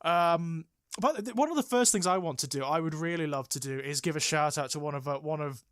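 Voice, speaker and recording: A man co-hosting a podcast in casual chat, making wry, polite asides in a fairly high voice. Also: brisk, fairly bright tone, clean tone, dry recording, studio quality. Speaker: podcast co-host.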